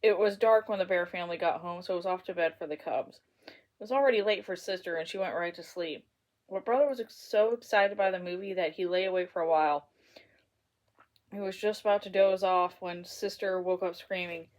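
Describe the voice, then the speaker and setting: A woman narrating a children's storybook aloud in a gentle, expressive way. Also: on the low side, fairly quick, rough recording. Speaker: storybook reader.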